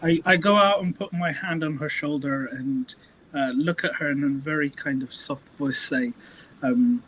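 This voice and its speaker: A man's voice: on the high side, normal speed, fairly bright tone, slight background noise, low-quality recording. A man playing a tabletop role-playing game, asking hesitant questions. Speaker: player. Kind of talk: casual role-play chat.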